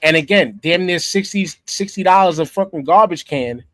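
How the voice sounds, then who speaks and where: Emphatic high-voiced podcast host. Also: male voice, lively intonation, moderate pace, a bit bright. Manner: emphatic, repeats himself, curses freely. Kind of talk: casual chat.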